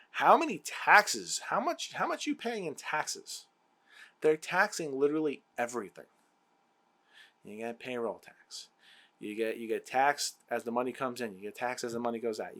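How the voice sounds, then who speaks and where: A man's voice: medium pitch, fairly bright tone. A man hosting his own show, ranting heatedly and exasperatedly about politics, repeating himself. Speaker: podcast host. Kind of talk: political rant.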